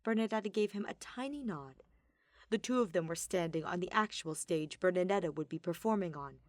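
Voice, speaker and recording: A woman reading a story aloud in expressive scripted narration. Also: on the low side, a little fast, no echo. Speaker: podfic reader.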